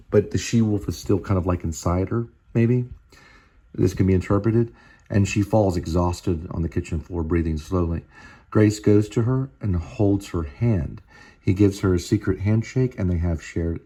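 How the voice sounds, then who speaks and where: A man's voice: low-pitched, warm tone, husky. A man reading his own screenplay aloud, stopping often to explain and think aloud.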